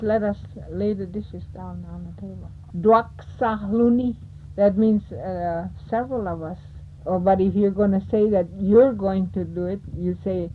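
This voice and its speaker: A woman teaching words of a language, saying each one slowly and more than once, then explaining what it means. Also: mid-range voice. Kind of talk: teaching vocabulary, slow repeated words. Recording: tinny phone-like lo-fi recording with hiss.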